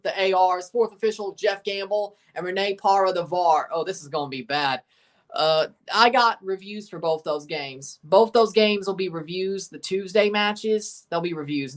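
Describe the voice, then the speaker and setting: A man from Mississippi, Southern accent and all, runs a casual livestream watchalong where he chats with viewers, answers their messages and rambles opinionatedly. His voice is high and a bit bright.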